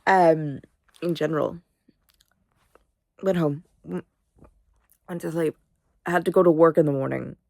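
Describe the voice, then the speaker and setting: Young woman, vlogger, sleepy, sniffly, rambling, swearing, dry close sound, low voice. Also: unhurried, creaky, long pauses, darkish tone, dry recording. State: sleepy, yawning; sniffly, congested. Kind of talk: casual vlog chat.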